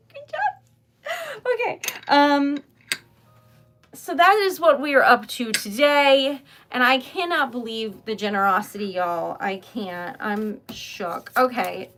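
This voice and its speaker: A woman's voice: a little high, sharp tone, a little hiss or hum. A young adult woman chatting casually on a craft livestream, giggly and talkative, often saying "y'all".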